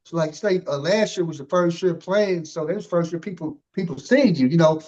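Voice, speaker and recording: A male interview host with a fairly high voice who rambles along in casual chat. He leans on fillers and restarts his sentences. The audio sounds muffled and lo-fi. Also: a little fast, a little mellow. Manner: rambling, loaded with "you know" and "man". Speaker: podcast host.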